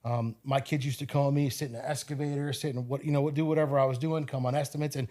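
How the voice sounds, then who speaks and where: A man talking on a podcast, lively and quick, with plenty of fillers as he gives advice. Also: medium pitch. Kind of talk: casual podcast conversation.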